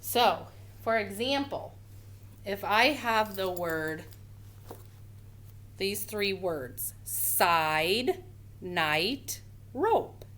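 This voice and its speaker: Woman, first grade teacher, very slow and deliberate, a middle-pitched voice, recorded at home for an online class. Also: expressive, a bit bright. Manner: slow, clear, sounding out words for children. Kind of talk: phonics lesson for young children.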